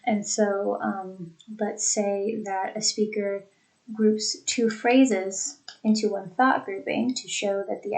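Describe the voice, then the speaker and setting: A young woman teacher reviewing a class lesson, speaking deliberately and demonstrating example sentences. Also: medium pitch, creaky, darkish tone, poor audio. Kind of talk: lecture recap for students.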